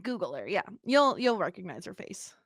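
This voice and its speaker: A woman's voice: medium pitch, moderate pace, no room sound, clean studio sound. A woman in her thirties co-hosting a podcast in casual, jokey chat. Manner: animated, jokey, bursts into laughs. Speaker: podcast co-host.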